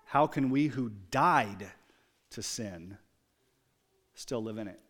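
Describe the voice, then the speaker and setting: A man preaching a sermon, moving from quiet, reflective storytelling to loud, emphatic exclamations. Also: medium pitch, animated, slow. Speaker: pastor.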